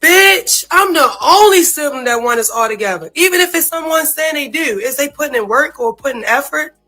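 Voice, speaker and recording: A woman's voice: high voice, animated, fairly quick, bright, forceful tone, soft background music, rough recording. A woman in an emotional, profane, casual rant about family, often saying "you feel me" and near tears. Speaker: sister speaking out.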